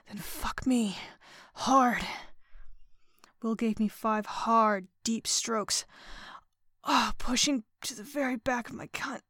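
A woman narrating a first-person erotic audio story in a breathy, often whispered, panting delivery. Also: a little high, no room sound, clean studio sound.

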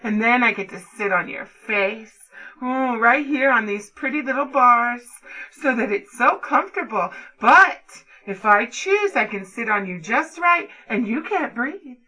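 A woman with a fairly high, bright voice performs an adult role-play. She talks slowly and deliberately, giving commands in a taunting, dominant manner. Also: expressive, rough recording. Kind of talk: erotic audio role-play.

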